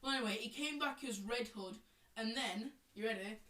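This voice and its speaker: A woman co-hosting a podcast in chaotic casual chat, rambling and giggly with loud silly outbursts. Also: on the high side, fairly quick. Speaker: podcast co-host. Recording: echoey room, distant mic, faint noise.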